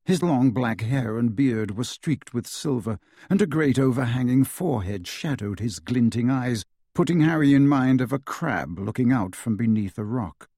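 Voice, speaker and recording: A male audiobook narrator tells the story in an expressive, measured way with a mid-range voice. The recording is studio quality without echo.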